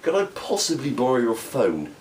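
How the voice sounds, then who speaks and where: A man's voice: medium pitch, huge pitch swings, moderate pace, darkish tone. A young man from England with an English accent, telling an observational comedy story with frequent laughs and stammering restarts. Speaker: amateur comedian.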